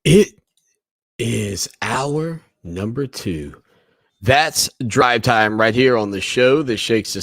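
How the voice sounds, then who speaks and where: A man's voice: medium pitch, dry recording. A man hosting a sports radio show, loose and folksy, rambling through his thoughts with a joking edge. His voice sits in a middle range. The sound is close and dry, right on a studio mic. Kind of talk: casual sports talk radio.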